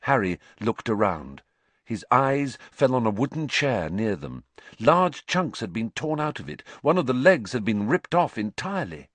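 A man reading a story aloud in scripted narration, dramatic and expressive. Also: medium pitch, moderate pace, no echo. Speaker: audiobook narrator.

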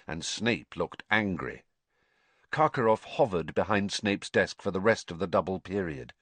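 Expressive male audiobook narrator. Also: sits low, no echo. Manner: measured, expressive storytelling.

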